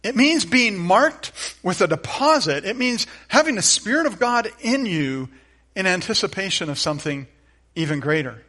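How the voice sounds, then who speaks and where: A middle-aged male pastor delivering a sermon in a slightly high voice. He is earnest, pushing some lines out loudly and dropping others to a near hush. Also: sing-song, moderate pace. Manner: earnest, swings from loud emphatic lines to soft, hushed ones.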